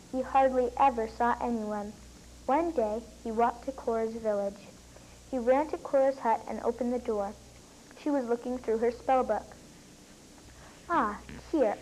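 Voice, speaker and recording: A young girl reading her own story aloud, with lifted pitch on the quoted lines. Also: darkish tone, a little hiss or hum, rough recording.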